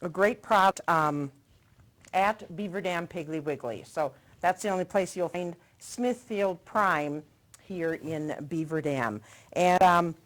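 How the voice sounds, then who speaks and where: Chatty woman TV host, lower voice. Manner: chatty, promotional, tastes food while talking. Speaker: TV show host. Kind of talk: casual cooking segment chat.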